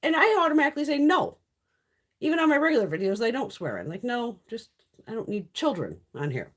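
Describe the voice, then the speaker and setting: A woman's voice: a little high, big pitch swings, a little fast, fairly bright tone. A middle-aged woman hosting a casual beauty live stream, chatty and blunt, swearing freely and laughing often.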